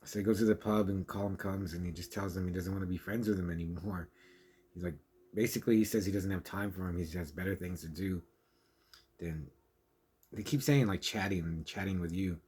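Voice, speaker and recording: A man's voice: low-pitched, fairly even intonation, brisk, a little mellow, husky. A man giving a casual, rambling spoken film review, chatty and laughing often.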